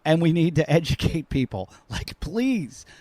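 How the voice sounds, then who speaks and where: A man with a fairly high voice hosting a podcast, riffing in an animated, rambling way and poking fun at himself. His voice is dry and close, with little room sound around it, and it carries the loose energy of a remote call between friends. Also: a little slow, no echo. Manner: animated, rambling, self-mocking. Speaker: podcast host. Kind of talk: casual joking chat.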